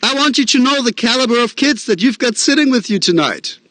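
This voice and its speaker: A man's voice: extremely high pitch, animated, a little fast, heavy background noise. A man, a school principal with a Midwestern American accent, giving an earnest, encouraging graduation welcoming address with fillers and self-deprecating asides. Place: outdoor drive-in graduation ceremony.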